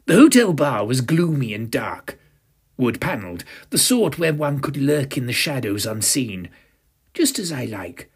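A man's voice: mid-range voice, sing-song, unhurried, husky. A man in his fifties narrating a first-person audio drama with a pompous, self-satisfied, arch manner. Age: 50s.

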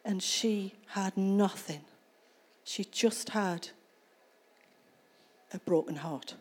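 A woman's voice: mid-range voice, very slow, breathy edge. A woman preaching a sermon in church, retelling a scripture passage and explaining it in a conversational way. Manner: conversational storytelling, reads scripture then explains it.

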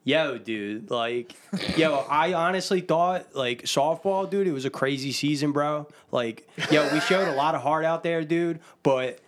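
A man putting on a loud young Northeast Philly guy with a thick Philadelphia accent, packing every line with dude and bro. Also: on the high side, a little slow, a little hiss or hum, natural voice. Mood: pumped up. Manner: heavy slang, calls everyone dude and bro.

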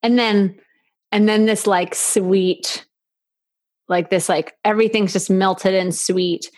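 A woman speaking as a podcast guest in an intimate conversation, slow and halting, soft, with many filler likes. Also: mid-range voice, steady tone, no room sound, clean studio sound.

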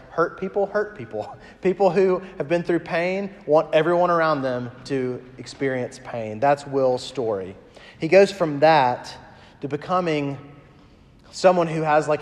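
Man, pastor, sermon, storytelling delivery, hushed emphasis, mid-pitched voice, long hall reverb. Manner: storytelling, conversational, drops to hushed tones for emphasis.

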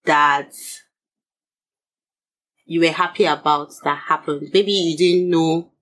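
A woman in a casual chat with her husband. She is chatty and teasing, and her pitch jumps up when she presses a point. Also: steady tone, slow, fairly bright tone. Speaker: podcast co-host, married to the other speaker.

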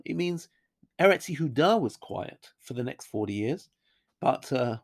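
A man giving a Bible lesson in a thoughtful, unscripted way, pausing on fillers and quoting Hebrew verses. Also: medium pitch, vocal fry, darkish tone. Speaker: Bible teacher. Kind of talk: lecture on a Bible chapter.

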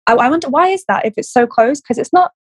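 A woman from England with a Blackpool accent and a husky voice, chatting openly as a podcast guest. She muses as she talks. The sound is dry and close. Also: high-pitched, lively intonation, fast talker, dry recording, low-quality recording. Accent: English, Blackpool. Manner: open, chatty, musing. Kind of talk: casual conversational interview.

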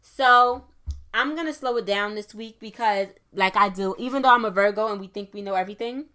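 A young woman hosting a faith podcast, talking fast and chatty, often checking in with listeners with a quick "okay?". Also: medium pitch, pushed and bright. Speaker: podcast host. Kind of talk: casual faith podcast monologue.

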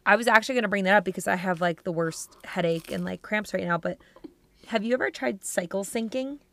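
A woman's voice: medium pitch, creaky, a bit bright. A young woman co-hosting a podcast, chatting casually in an upbeat, talkative way. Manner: chatty, upbeat, quick laughs. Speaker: podcast co-host. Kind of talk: casual chat.

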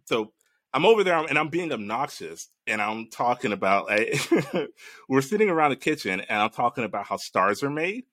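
A man in casual chat recounting a strange dream, animated and laughing, swearing freely. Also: mid-range voice, normal speed, no echo, clean studio sound.

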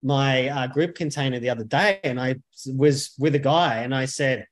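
A man's voice: medium pitch, moderate pace. A man, speaking as a men's coach and podcast guest, talking bluntly and emphatically with frequent swearing. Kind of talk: podcast interview conversation.

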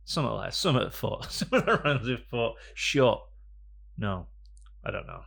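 A man hosting a podcast in a studio, rambling and joking with bursts of loud energy. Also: medium pitch, very animated, moderate pace, vocal fry, husky. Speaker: podcast host. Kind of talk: casual chat. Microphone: studio microphone.

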